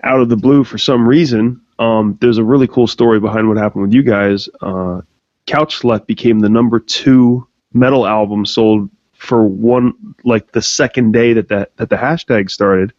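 A man's voice: lowish voice, steady tone, normal speed, darkish tone, dry recording. A man hosting a podcast interview, asking questions and making wry jokes. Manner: joking, wry asides. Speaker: podcast host. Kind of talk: casual interview. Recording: dry, muffled lo-fi.

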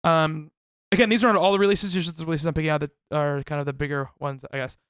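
Man reading a list, high voice. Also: steady tone, very fast, a bit bright, clear, resonant tone, dry recording. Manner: reads off a release list, laughs often. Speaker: podcast co-host. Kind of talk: casual chat.

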